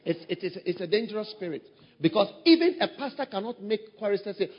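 A pastor preaching a sermon, breaking into high shouted mimicry of people he describes. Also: animated, fast talker, breathy edge, long reverb tail, dull audio. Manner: acts out quoted voices, shouting high mimicry.

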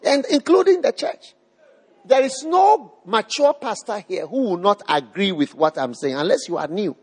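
With lively intonation at a normal pace, this preacher's high, darkish voice carries a breathy edge. He delivers an emphatic live sermon in a church hall, repeating himself and asking the congregation questions as long reverb rings out.

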